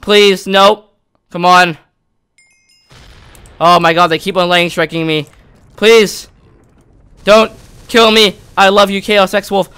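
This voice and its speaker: Excitable young man narrating gameplay. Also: high-pitched, measured pace, pauses often, smooth. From Canada. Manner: excitable, yelling at near misses. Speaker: gaming YouTuber. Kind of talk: casual gameplay commentary.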